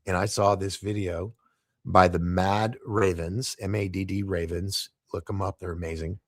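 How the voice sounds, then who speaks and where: A middle-aged man, a podcast guest, telling animated anecdotes and acting out the dialogue in shifting voices. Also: low-pitched, moderate pace, no echo, studio quality. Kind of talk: casual storytelling in a podcast interview.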